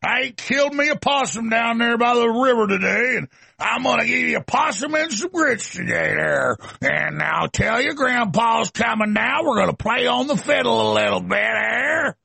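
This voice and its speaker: A man putting on a woman politician faking a hokey Southern granny voice, shouting in a folksy drawl. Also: very high-pitched, animated, normal speed, gravelly, breathy edge, no room sound, pitched above the performer's own voice, exaggerated voice. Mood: mocking.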